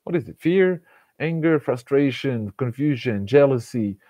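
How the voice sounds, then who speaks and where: A man, giving a casual, animated self-help talk and laughing often between thoughts. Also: medium pitch, unhurried, no echo. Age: 40s. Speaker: motivational speaker.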